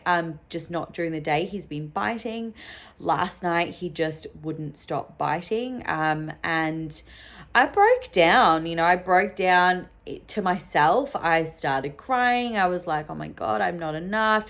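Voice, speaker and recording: Low-voiced woman talking candidly. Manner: open and emotional, many fillers. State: sleep-deprived. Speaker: vlogger, solo mum. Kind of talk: candid personal vlog.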